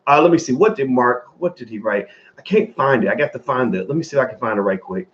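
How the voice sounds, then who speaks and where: A man's voice: mid-range voice, animated, fast, dull audio. A man in his forties giving casual, rambling commentary straight to his viewers, swearing freely.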